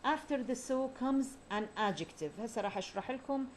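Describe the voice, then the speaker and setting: A woman teaching an English grammar lesson, explaining points and repeating key terms slowly. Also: on the high side, lively intonation, slight background noise.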